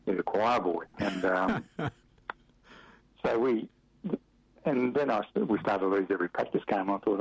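A middle-aged Australian man, a former footballer from Western Australia, telling rambling anecdotes with chuckles and many fillers in a relaxed interview. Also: lowish voice, moderate pace, pauses often, breathy edge, no room sound. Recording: muffled dry radio recording.

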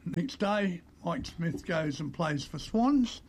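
An older Australian man telling animated stories as an interview guest, acting out the voices of the people he quotes. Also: on the high side, slow, slight background noise. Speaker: interview guest, former player agent. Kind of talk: conversational storytelling.

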